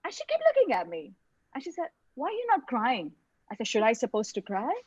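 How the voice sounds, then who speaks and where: A woman tells her own story in a web lecture, halting and repeating words as she goes, heard over a video call microphone. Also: on the high side, wildly swooping pitch, darkish tone, slightly rough, no room sound, dull audio.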